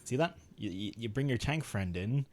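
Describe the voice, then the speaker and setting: A man's voice: mid-range voice, expressive, a little fast, darkish tone, slight background noise. A man streaming a game, chatting casually in a rambling, chuckly way. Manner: rambling, chuckly, with restarts and mild swearing. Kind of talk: casual gaming stream chat.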